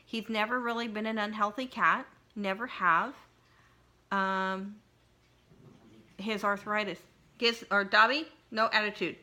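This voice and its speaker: A middle-aged woman vlogger telling a personal story in an emotional, halting way, with frequent restarts and pauses. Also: medium pitch, fairly even intonation, pushed and bright. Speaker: craft vlogger.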